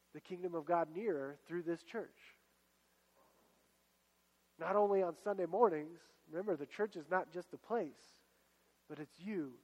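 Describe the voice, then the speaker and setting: A pastor preaching a sermon to his congregation in a fairly high voice. He speaks in an exhorting way and circles back to repeat his key phrases. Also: darkish tone, long reverb tail, rough recording. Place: church.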